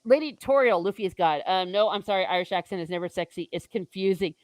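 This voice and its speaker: Chatty American woman, livestream host, mid pitch, dry close sound. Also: fast, dry recording. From United States. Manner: chatty, animated, reads viewer comments aloud. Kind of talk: casual livestream book chat.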